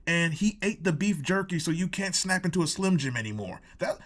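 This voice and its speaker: Brief: male reviewer, exasperated and profane ranting commentary, slightly high voice that swings widely. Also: lively intonation, a little fast, a little hiss or hum. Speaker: wrestling show reviewer.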